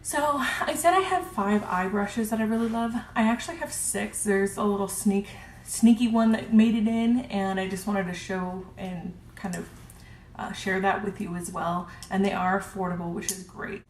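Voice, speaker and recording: A woman's voice: mid-range voice, steady tone, normal speed. A woman casually reviewing her makeup brushes, gushing and chatty with lots of ums. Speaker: beauty vlogger. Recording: roomy with faint hiss.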